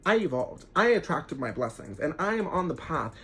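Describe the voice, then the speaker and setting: A young man giving an emphatic motivational talk to camera, swearing casually and turning animated when he acts out what people say. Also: on the high side, moderate pace, soft background music. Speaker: self-help vlogger.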